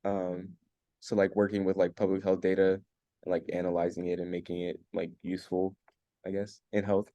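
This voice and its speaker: A man's voice: deep voice, flat delivery, a little fast, dark tone, dry recording, muffled recording. A young man student talking in class over a video call, hesitant and full of fillers. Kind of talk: class discussion comment.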